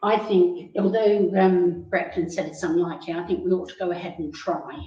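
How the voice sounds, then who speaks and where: A woman's voice: lowish voice, fairly even intonation, moderate pace, mellow, dull audio. A woman councillor speaking with determination, pressing her point. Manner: determined, insistent. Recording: echoey room, distant mic.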